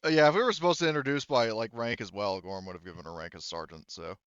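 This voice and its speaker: A man playing a tabletop game on a voice call, joking and explaining in a relaxed way. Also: lowish voice, quick pace, clean tone, dry recording, dull audio. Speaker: player. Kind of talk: casual tabletop game chat.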